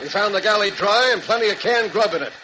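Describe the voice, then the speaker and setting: An actor playing a commanding sea captain barking orders in an old radio drama. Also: male voice, sits high, expressive, fast talker. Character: commanding lifeboat sea captain, adult man. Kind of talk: 1940s radio acting. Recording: hissy old radio broadcast.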